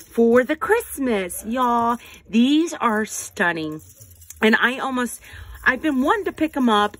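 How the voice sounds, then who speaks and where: A woman, chatting casually in a haul video, gushing and folksy and quick to poke fun at herself. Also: mid-range voice. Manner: gushing, folksy, excitable, self-deprecating. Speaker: haul vlogger.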